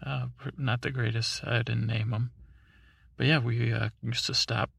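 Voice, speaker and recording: A man voicing a mellow, mumbling superhero in a sleepy bedtime story. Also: level tone, moderate pace, creaky, breathy edge, no room sound, exaggerated voice. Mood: flat. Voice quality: mumbling, low-key.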